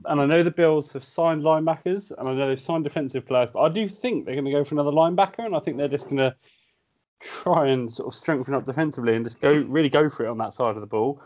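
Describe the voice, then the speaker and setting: A tipsy man co-hosting a podcast, easygoing and quick to laugh. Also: a little high, a little mellow, lo-fi sound. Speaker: podcast co-host. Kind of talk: casual sports chat.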